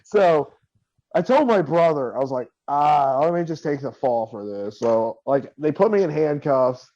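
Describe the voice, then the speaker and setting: A man's voice: a little high, expressive, measured pace, warm tone. A man with a slightly raised voice tells a story on a podcast in loose, casual chat, swearing freely and laughing as he acts out what others said. The audio sounds dull and lo-fi. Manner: profane, laughing, quotes people in his anecdote. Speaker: podcast co-host.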